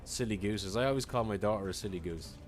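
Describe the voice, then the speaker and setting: A man's voice: on the low side, quick pace, noisy background. A man streaming a speedrun, chatting casually with his viewers between moves and sounding tired. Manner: chatty, rambling, answering chat between moves. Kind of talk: casual live-stream chat while gaming.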